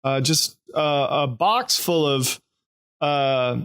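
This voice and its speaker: A man's voice: on the high side, slow pace, a bit bright, clean tone. A man with a Texan accent, co-hosting a podcast in easygoing, chatty casual talk that trails off with fillers. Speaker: podcast co-host. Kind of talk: casual chat.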